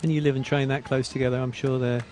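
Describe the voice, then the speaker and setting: A man giving expert sports commentary, explaining the technique in a steady, informed way. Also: mid-range voice, quick pace, a little hiss or hum.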